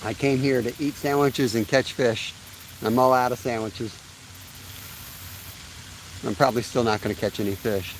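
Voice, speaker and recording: A man in his thirties talks to his live viewers from a creek bank, relaxed and chatty, laughing easily between thoughts. His voice sits at an ordinary middle pitch. Faint outdoor noise and the odd passing vehicle sit behind him. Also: moderate pace, long pauses, low-quality recording. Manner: laid-back, chatty, laughs often. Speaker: fishing livestream host. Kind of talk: casual live-stream chat. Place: outdoors by a creek while fishing.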